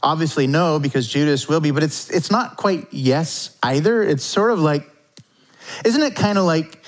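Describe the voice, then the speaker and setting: A man's voice: on the high side, moderate pace, rough recording. A man preaching a sermon as pastor, from Canada, talking loosely and conversationally with lots of "like" and "kinda".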